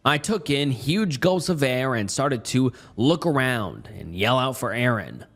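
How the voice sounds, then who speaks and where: A man telling a first-person horror story as scripted narration, in a tense, measured delivery. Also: medium pitch, sing-song, a bit bright. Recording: faint music underneath.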